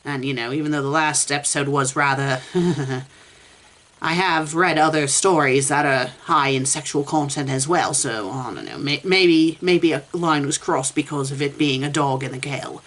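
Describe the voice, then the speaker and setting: A woman's voice: rumbling low, normal speed, a bit bright. A woman reviewing fan fiction for laughs, reading it aloud and answering it with sarcastic, exasperated asides.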